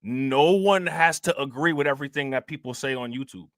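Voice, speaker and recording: A man's voice: medium pitch, brisk, dry recording, studio quality. A man hosting a casual livestream, talking loosely in slang and saying "you know what I'm saying" over and over. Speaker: livestream host.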